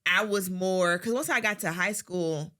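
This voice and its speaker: A woman's voice: on the low side, unhurried. A young woman co-hosting a podcast, chatting casually and acting out quotes from her own life. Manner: animated storytelling, swearing, acts out quotes. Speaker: podcast co-host. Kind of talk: casual chat.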